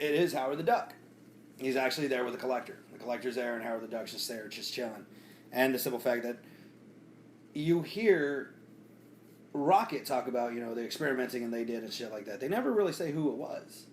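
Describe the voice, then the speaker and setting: A man's voice: mid-range voice, a little hiss or hum. A man talking casually on a podcast in a laid-back, loose and slangy way. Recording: echoey room.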